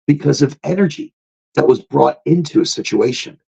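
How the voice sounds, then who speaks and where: A man hosts a relaxed motivational podcast, his voice gravelly and a little husky. He talks in a loose, animated way, swinging his pitch up and down a lot. The recording sounds dull and lo-fi. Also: moderate pace. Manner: animated, swoops into high excited tones when retelling stories. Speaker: podcast host. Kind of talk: casual motivational monologue.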